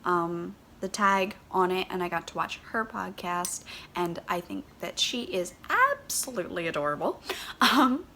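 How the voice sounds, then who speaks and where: Bubbly, gravelly Philly woman. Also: medium pitch, bright, forceful tone. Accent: Philadelphia. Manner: gushing, rambling, with many "um"s. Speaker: knitting podcast host. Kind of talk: casual chatty vlog.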